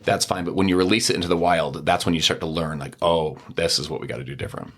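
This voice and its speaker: A middle-aged man as a podcast guest, telling a personal story in a casual, animated way and acting out the dialogue. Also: low-pitched, fast.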